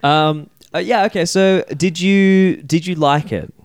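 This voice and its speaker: A man's voice: sits high, measured pace, clear, resonant tone, no echo, clean studio sound. A man hosting a casual podcast chat, rambling and profane as he tells stories. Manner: rambling, profane, animated storytelling. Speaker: podcast host.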